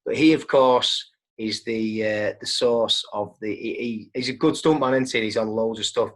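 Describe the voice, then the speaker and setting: A man hosting a casual interview chat, hesitant and halting, with friendly asides. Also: on the low side. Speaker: podcast host.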